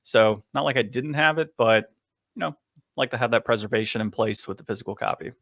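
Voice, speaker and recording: A man co-hosting a podcast, telling a long story in a casual, animated way and chuckling often. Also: mid-range voice, brisk, no room sound, clean studio sound. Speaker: podcast co-host.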